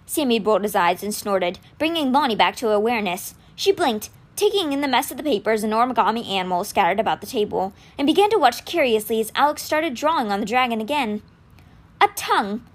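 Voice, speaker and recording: A woman reads a novel aloud in an expressive storytelling manner. Her pitch moves freely and sits slightly high. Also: fast talker, hardly any pauses. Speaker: audiobook reader.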